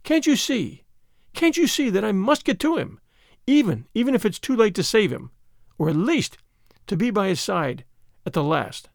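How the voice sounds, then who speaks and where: A man's voice: high voice, big pitch swings, moderate pace, vocal fry, dry recording, studio quality, heavily acted. A man voicing a desperate noble lady who pleads earnestly for help. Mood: urgent. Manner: pleading, urgent.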